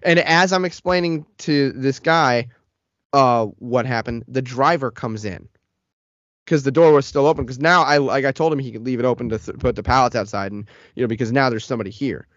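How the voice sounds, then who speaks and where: A man co-hosting a podcast, telling a workplace story in a casual, animated way and swearing freely. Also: medium pitch, brisk, dry recording. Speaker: podcast co-host. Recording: dull, lo-fi, dry sound.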